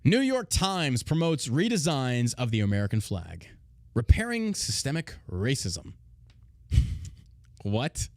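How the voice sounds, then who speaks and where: A man hosting a podcast, talking in a blunt, heavily profane casual rant with loud, mocking outbursts. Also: medium pitch, big pitch swings, takes it slowly, no room sound, studio quality. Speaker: podcast host.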